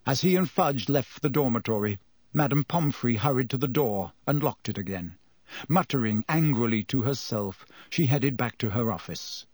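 A man narrating an audiobook with an expressive delivery. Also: medium pitch, normal speed, dry recording, studio quality. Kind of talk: audiobook reading.

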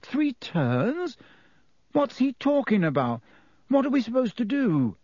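A man's voice: very high-pitched, huge pitch swings, slow pace, darkish tone, dry recording, studio quality, pitched above the performer's own voice, full character voice. A man doing Harry, bewildered schoolboy wizard. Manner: confused, questioning. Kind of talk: audiobook character voice.

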